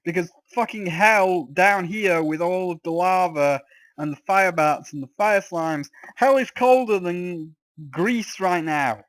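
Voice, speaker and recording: A somewhat high-voiced man rants in exasperation through casual gameplay commentary, swearing freely. His slightly sore throat roughens the edges of his talk. The recording is close and dry, with no room sound. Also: takes it slowly, a bit bright, no room sound. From England. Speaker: let's play host.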